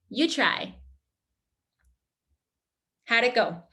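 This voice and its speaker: Slow, deliberate woman coach. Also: a little high, fairly bright tone. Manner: slow, clearly drilled sounds, repeated many times. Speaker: accent coach. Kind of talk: pronunciation lesson.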